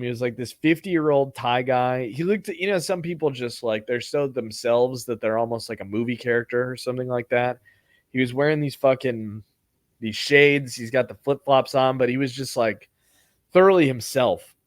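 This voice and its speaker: A man's voice: medium pitch, no echo, clean studio sound. A man hosting a podcast who tells a comedy story in a rambling, profane, offhand way. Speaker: podcast host.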